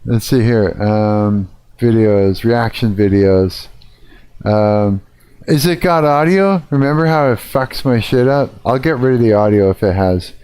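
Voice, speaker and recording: A man's voice: lowish voice, measured pace, a little mellow, smooth, no echo. A man live-streaming, reacting casually to a video, laughing often and swearing as he thinks aloud.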